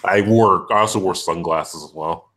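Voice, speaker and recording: Low-voiced ranting man on a call. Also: normal speed. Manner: animated, ranting, frequent "it's like". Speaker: podcast host. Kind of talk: casual opinionated chat.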